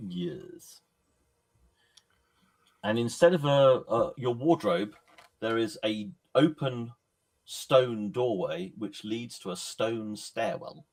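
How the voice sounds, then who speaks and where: Slow, measured man narrating a game. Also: mid-range voice, animated, a little mellow. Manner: measured, descriptive, with pauses. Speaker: game master. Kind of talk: narrating a horror tabletop game.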